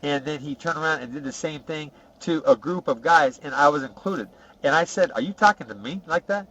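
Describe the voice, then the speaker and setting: A man's voice: on the high side, a little fast, pushed and bright, slight background noise, rough recording. A podcast host voicing a boastful, profane male ex-convict who rambles through tough prison stories in a comic character monologue. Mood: swaggering. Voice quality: rough, profane, rambling storyteller.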